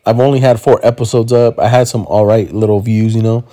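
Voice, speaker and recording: A man's voice: lowish voice, level tone, fairly quick, warm tone. A man in his thirties hosting a casual podcast from home on a phone, rambling, joking and swearing, with slang. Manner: rambling, joking, self-correcting, swears freely. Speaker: podcast host and comedian.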